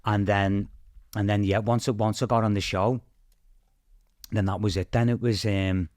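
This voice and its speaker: A man's voice: fairly low pitch, level tone, normal speed, darkish tone, no echo, studio quality. A man with a Scouse accent, a podcast guest chatting casually and rambling through stories, full of "like" and "obviously". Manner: rambling storyteller, leans on "like" and "obviously". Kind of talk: casual chat.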